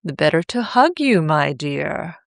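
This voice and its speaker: A woman's voice: sits low, big pitch swings, a little slow, creaky, dry recording, studio quality, full character voice. A woman voicing a sly hungry storybook wolf. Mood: menacing. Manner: coaxing, falsely gentle.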